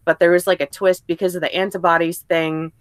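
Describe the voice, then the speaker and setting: A woman's voice: on the low side, flat delivery, a little fast, dry recording. A woman guest on a casual live stream over a video call, ranting about films in a profane way. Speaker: guest reviewer.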